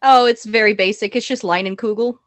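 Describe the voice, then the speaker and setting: A woman's voice: medium pitch, fairly even intonation, a little fast, dry recording. Giggly woman chatting on a dry line. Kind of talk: casual chat.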